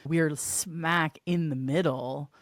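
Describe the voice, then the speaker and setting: A woman's voice: sits low, steady tone, slow pace, no echo, studio quality. A woman in her fifties, a guest on a podcast, talking openly and enthusiastically in casual conversation. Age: 50s. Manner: open, enthusiastic, talkative. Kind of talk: casual chat.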